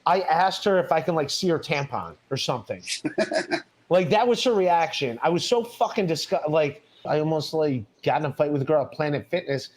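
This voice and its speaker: A man's voice: fairly high pitch, lively intonation, a little fast. A man telling rambling, profane anecdotes in a casual podcast chat, with lots of fillers and restarts.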